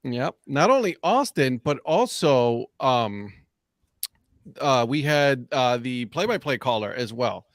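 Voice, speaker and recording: A man's voice: medium pitch, animated, takes it slowly, no echo, clean studio sound. A man co-hosting a podcast, teasing his co-host and laughing often in casual chat over a video call.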